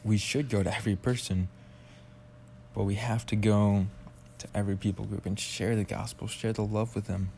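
A young man hosts a casual Bible study podcast, talking loosely and rambling, with lots of "like" and restarts. His lowish voice is steady, creaky, and mellow at a moderate pace, with a little hiss or hum in the background.

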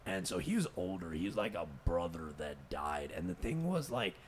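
A man's voice: sits low, very animated, normal speed, a little hiss or hum. A young man telling a personal story in casual talk, emotional and rambling, swearing often and mixing in Urdu words. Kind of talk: casual conversation.

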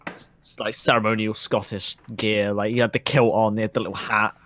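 A man's voice: on the low side, flat delivery, brisk, a bit bright, no echo. A young man co-hosting a podcast, telling stories in casual chat and cracking dry jokes. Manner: dry, wisecracking asides. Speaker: podcast co-host.

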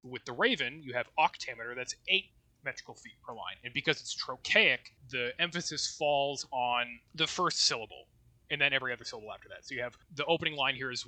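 Male co-host with a bright, sharp timbre; loose, rambling conversational delivery. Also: medium pitch, quick pace. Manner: loose and rambling, with restarts and swearing. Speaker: podcast co-host. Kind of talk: casual discussion of poetry.

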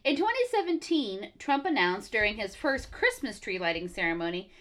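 A woman's voice: medium pitch, sing-song, moderate pace, a bit bright. A woman co-hosting a casual podcast, reading facts from her notes with blunt, sarcastic asides. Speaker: podcast co-host.

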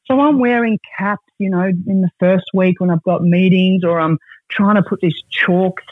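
A woman in her forties with an Australian accent, chatting as a podcast guest and telling stories with lively acted-out quotes. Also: lowish voice, normal speed, no echo. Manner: bubbly, animated storyteller who acts out quotes. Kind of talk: casual interview chat. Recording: dry, tinny phone-like line.

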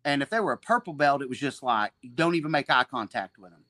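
A man's voice: medium pitch, animated, quick pace, bright, forceful tone, no room sound. A man in his forties, a jiu-jitsu black belt and gym owner, telling stories as a guest in a casual chat. He rambles and swears, often restarting his sentences. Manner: rambling, profane, frequent restarts and laughter.

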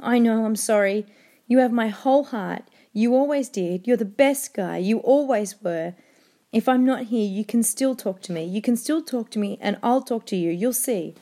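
A weary, dying father speaks quietly and insistently to his son, as a woman reading to her class gives him his lines. The voice stays mellow and gentle. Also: a little high, moderate pace, pitched above the performer's own voice, natural voice. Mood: tender. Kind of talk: reading a novel aloud to a class.

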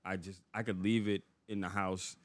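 A man's voice: deep voice, level tone, moderate pace, no room sound. A man co-hosting a podcast, talking in a laid-back, blunt and wry way. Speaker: podcast co-host. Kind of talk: casual podcast chat.

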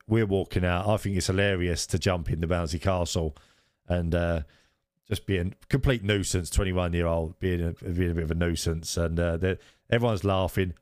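Low-voiced man telling a story. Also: a little mellow, no echo, clean studio sound. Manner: rambling, laughs at his own story. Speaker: podcast co-host. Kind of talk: casual storytelling chat.

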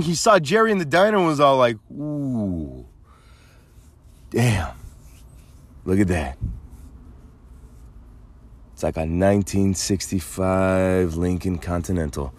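Speaking at a moderate pace in a fairly low voice, this man hosts a podcast and rambles through a casual monologue full of crude jokes and animated storytelling.

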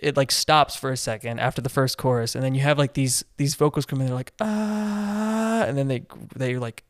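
A man's voice: medium pitch, level tone, quick pace, clear, resonant tone, no room sound, clean studio sound. A man co-hosting a casual podcast about music, talking eagerly and rambling, with lots of restarts and fillers. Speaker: podcast co-host.

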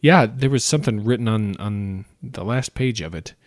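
Low-voiced joking podcast co-host man. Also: normal speed, dry recording, clean studio sound. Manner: joking, loose, pun-telling. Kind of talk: casual podcast chat.

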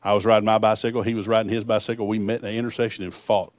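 A man's voice: on the low side, level tone, very fast, no room sound. A middle-aged man preaching a sermon, telling folksy stories that swell into fervent appeals.

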